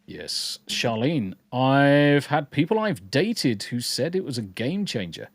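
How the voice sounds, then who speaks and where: A man's voice: mid-range voice, sing-song, takes it slowly, no room sound. Sweary blunt man ranting. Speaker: podcast host. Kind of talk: casual podcast chat reading live chat.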